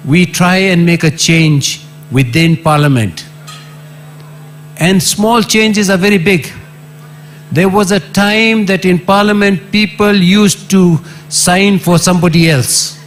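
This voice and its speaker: Faint music plays behind a former Kenyan MP, a middle-aged man with a Kenyan accent, as he takes his time with a fervent public speech. He repeats himself for emphasis, and his pitch leaps without warning.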